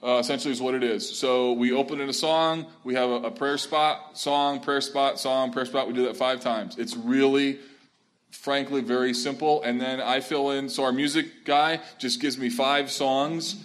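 A man's voice: mid-range voice, normal speed. A man who is a pastor, telling stories earnestly and with feeling as he speaks and takes questions from church leaders in a room with a live audience. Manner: earnest, animated storytelling.

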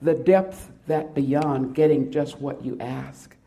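A woman preaching a sermon and reading a poem aloud. She speaks dramatically, swelling loud and then dropping to hushed, near-whispered lines. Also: deep voice, slow pace, gravelly.

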